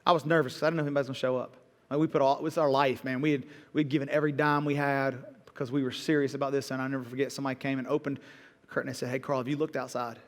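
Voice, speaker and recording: A middle-aged man, a pastor telling stories in a sermon, lively and joking at his own expense. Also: medium pitch, racing, in a large hall. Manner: lively storytelling with self-deprecating jokes. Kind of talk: sermon storytelling. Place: church auditorium.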